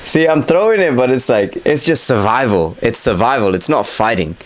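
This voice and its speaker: A man's voice: mid-range voice, animated, moderate pace, low-quality recording. A young man casually narrating over footage of his own boxing fight, candid and self-critical, swearing freely. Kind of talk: casual fight breakdown commentary.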